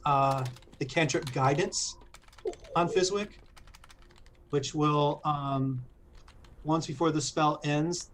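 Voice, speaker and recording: A man playing a tabletop game, describing moves and reading out rules in a steady, matter-of-fact tone. His voice is fairly high, with faint noise behind it. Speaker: player.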